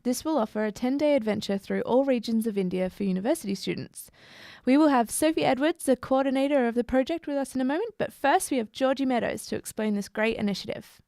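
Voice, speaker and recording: A woman's voice: high-pitched, animated, quick pace, creaky, dark tone, no echo, clean studio sound. A woman reading a scripted news item on radio. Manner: reads from a script. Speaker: news reader.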